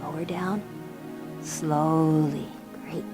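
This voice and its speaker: A woman instructor gently guiding children through a yoga class with encouraging, sing-song cues. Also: deep voice, steady tone, drawn-out words, music in the background.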